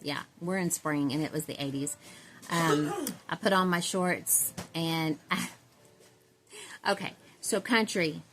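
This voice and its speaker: A woman's voice: deep voice, takes it slowly, background noise. A woman from Central Texas, chatting casually and rambling to her viewers, laughing often. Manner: rambling, chatty, laughs often, self-described country girl. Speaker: doll-collecting vlogger.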